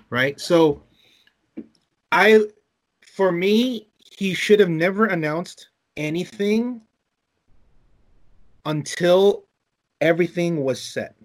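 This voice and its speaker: A man co-hosting a casual podcast, talking animatedly, swearing and telling long stories. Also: on the high side. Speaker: podcast co-host. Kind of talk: casual chat.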